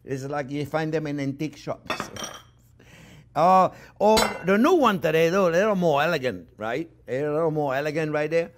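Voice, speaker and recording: A chatty man leads a cooking lesson, his voice sitting a little high for a man. He explains each step with lively energy, often checking in with his viewers. He sounds middle-aged and at ease. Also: moderate pace, background noise. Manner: animated, chatty, keeps asking "okay?". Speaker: chef and cooking show host. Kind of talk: cooking demonstration.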